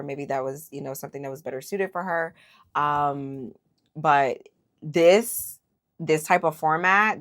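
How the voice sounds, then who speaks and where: A woman giving a casual, opinionated recap of a reality show, chatty and full of fillers. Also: sits low. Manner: opinionated, animated, lots of fillers. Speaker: recap host.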